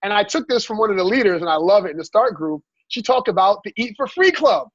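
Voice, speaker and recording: A man coaching his team in a motivational training talk, energetic and asking "right?" after every point. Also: high-pitched, fast, no room sound. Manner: energetic, repeats "right?" often, acts out dialogue. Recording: dull lo-fi sound.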